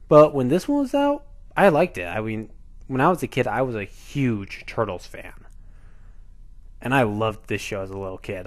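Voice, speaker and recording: A man in his twenties hosting a casual countdown video, chatty and enthusiastic, often repeating himself. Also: medium pitch. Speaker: video host.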